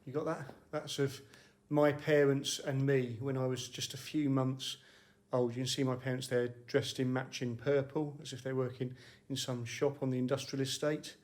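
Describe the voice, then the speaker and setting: A man's voice: mid-range voice, little pitch movement, normal speed. A man who is a lead minister, giving a short midweek devotional talk in a wry, conversational way with frequent fillers. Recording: echoey room.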